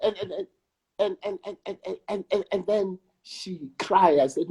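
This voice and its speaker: A South African man, an actor and director, talking in an interview in a slow, emphatic way and repeating words for weight. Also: high voice, mellow, slightly rough. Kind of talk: reflective conversation.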